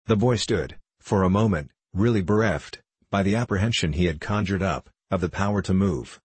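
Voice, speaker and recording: A man reading a classic novel aloud as an audiobook narrator, in a steady, measured way. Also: deep voice, breathy edge, no room sound. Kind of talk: scripted narration.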